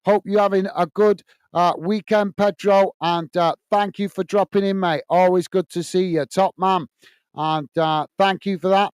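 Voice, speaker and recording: A man's voice: sits high, fairly even intonation, moderate pace, smooth, dry recording. Chatty man reading chat aloud. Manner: chatty, friendly, reads viewer comments aloud with many uhs. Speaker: host reading live chat. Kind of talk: casual live-stream chat.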